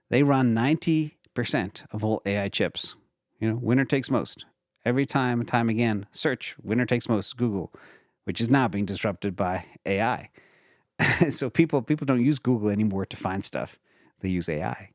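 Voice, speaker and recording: Host, male, lowish voice, loose conversational delivery with lots of "um"s and self-corrections, dry close sound. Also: moderate pace, dry recording. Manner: casual, rambling explanations with frequent fillers and restarts. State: retired from regular work. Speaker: investing channel host. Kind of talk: live Q&A answering viewer questions.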